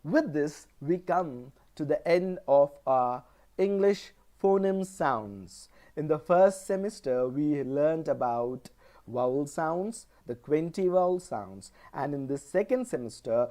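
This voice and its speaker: A male college lecturer from India giving a pronunciation lesson, deliberately repeating example words one at a time. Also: fairly high pitch, animated, mellow.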